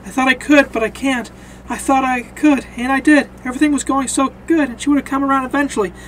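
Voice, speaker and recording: A man voicing a desperate, grief-stricken armed man who pleads and shouts in a cracking voice. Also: very high-pitched, fairly even intonation, fast talker, slight background noise, pitched above the performer's own voice. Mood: despairing.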